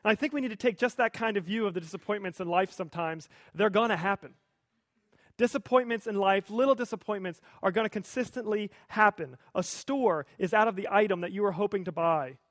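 Man, high voice, pastor, conversational sermon, light humor, dry close sound. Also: fairly quick, fairly bright tone, no echo.

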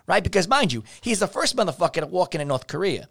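A man's voice: high-pitched, fast talker, few pauses. A man hosting a podcast, spinning conspiracy theories in casual, profane talk. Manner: profane, animated conspiracy ranting. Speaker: podcast host.

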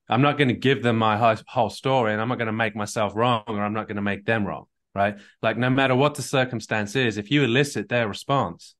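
A man's voice: medium pitch, a bit bright. A man coaching a caller on a live call, talking earnestly and often repeating words as he works through his advice. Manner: earnest, repeats words while thinking, acts out sample dialogues. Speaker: relationship coach. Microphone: call recording.

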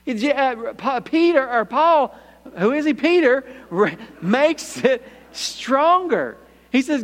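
A man preaching a sermon as pastor, emphatic, calling out for amens and dropping into hushed asides. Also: sing-song, takes it slowly. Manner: emphatic, calls out for "Amen?", swings between punchy lines and hushed low asides. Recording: echoey hall reverb.

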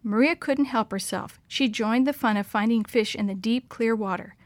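A woman narrating a children's story aloud in a clear, expressive storytelling manner. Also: fairly high pitch, moderate pace, no room sound.

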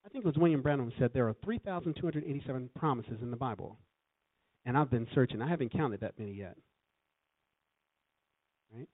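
A man with a mid-range voice preaches a sermon as a guest in a church, speaking fairly quickly and pausing often. He is lively and keeps calling for responses from the congregation. The sound is tinny, like a phone.

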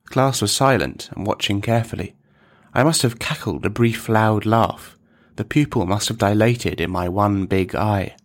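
A man narrating a dark comic story in a measured, deliberate, deadpan manner. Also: lowish voice.

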